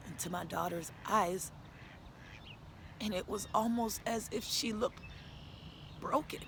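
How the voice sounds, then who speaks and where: A woman's voice: mid-range voice, a bit bright, slight background noise. A woman, a single mother, telling her personal story to the camera in a candid, emphatic, conversational way.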